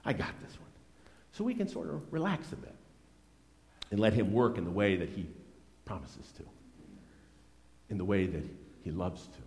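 Lively preaching man in a reverberant hall. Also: fairly low pitch, moderate pace, gravelly, long pauses. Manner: earnest, conversational preaching with lively swings in loudness. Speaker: pastor. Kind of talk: sermon.

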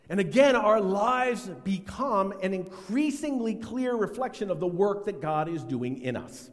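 A middle-aged man delivers a sermon with a lively, swooping pitch, acting out quotes as he tells stories. His voice sits a little high for a man. The sound carries a long reverb, as in a large hall. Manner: animated storytelling, acts out quotes. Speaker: pastor.

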